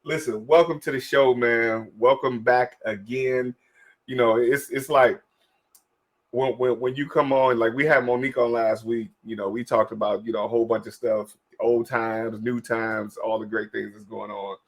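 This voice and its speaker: Excitable forties male host, casual chat, quick laughs and repeated words. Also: mid-range voice. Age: 40s. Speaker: podcast host.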